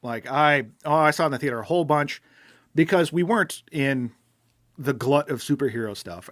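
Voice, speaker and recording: Another man co-hosts the podcast in the same loose, rambling way, with plenty of restarts. He has a medium, slightly bright voice, captured dry at studio quality.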